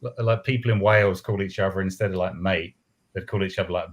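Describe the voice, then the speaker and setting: Fast-talking guy, low-ish voice, casual chat, explains stuff easygoing. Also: fairly even intonation, breathy edge. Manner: explanatory, easygoing, lots of fillers. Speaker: podcast guest.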